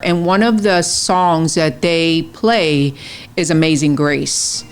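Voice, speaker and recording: A middle-aged woman joins a podcast as a guest and chats earnestly, often adding that she could be wrong. Her voice is low for a woman. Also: slow pace, clean tone, soft background music. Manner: chatty and earnest, hedging her facts. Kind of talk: casual chat.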